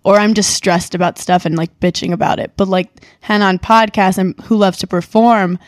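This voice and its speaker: A woman's voice: medium pitch, steady tone, moderate pace. A young woman from Brooklyn, chatting bluntly as a podcast guest, her talk full of "like" fillers. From New York City, Brooklyn. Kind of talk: casual chat.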